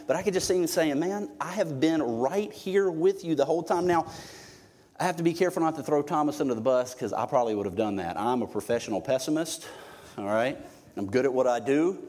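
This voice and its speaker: A man's voice: medium pitch, a little mellow. Male pastor, middle-aged, casual joking sermon delivery, live church hall reverb. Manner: conversational, joking, emphatic preaching. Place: church sanctuary.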